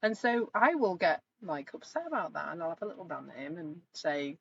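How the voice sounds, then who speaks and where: A middle-aged woman coaching in a live online session, speaking reflectively and gently and growing animated when she retells stories. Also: on the low side, a little fast. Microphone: video call. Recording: slightly dull lo-fi sound with faint noise.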